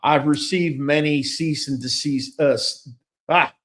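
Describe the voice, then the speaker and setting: Speaking in a notably high-pitched voice, a man tells a story loosely and casually. He's animated and emphatic, gives his opinions bluntly, and curses readily.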